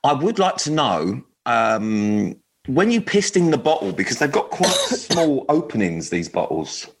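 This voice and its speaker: A man's voice: mid-range voice, big pitch swings, a little slow, slightly rough. A man co-hosting a radio dating show, chatting in a rambling, jokey way with lots of fillers and laughter. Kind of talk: casual chat.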